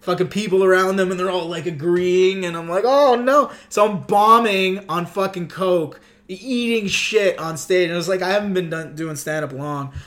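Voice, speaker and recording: A man from Montreal spins a rambling, profane story in a casual podcast chat. His voice sits a little high for a man, and he laughs at his own misfortune. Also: fairly even intonation, moderate pace, few pauses, fairly bright tone. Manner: rambling, profane, self-deprecating. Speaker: comedian guest.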